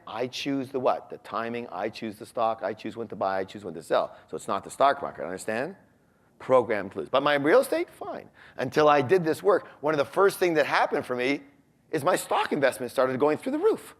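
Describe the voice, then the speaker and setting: A man's voice: medium pitch, fairly quick. A man giving a motivational seminar talk to a live audience, often asking them questions. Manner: animated, asks the audience questions. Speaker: seminar speaker. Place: large room with a live audience.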